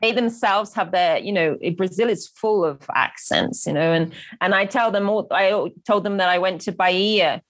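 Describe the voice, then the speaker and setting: Woman, animated, mid pitch, dry recording. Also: moderate pace, few pauses, no echo. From United States. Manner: animated, acting out quotes. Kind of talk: casual conversation.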